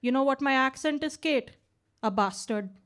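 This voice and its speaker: A woman's voice: sits high, moderate pace, a bit bright. A woman in her late twenties from India with a twang, doing a chatty stand-up set on a club stage mic. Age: late 20s. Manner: chatty, tags lines with "right?". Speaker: stand-up comedian. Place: basement comedy club.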